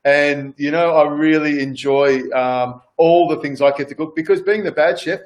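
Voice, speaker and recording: Rambling Australian man, fairly high voice. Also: steady tone, normal speed. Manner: rambling, repeats words, many fillers. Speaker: celebrity chef guest. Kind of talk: casual chat on a video call.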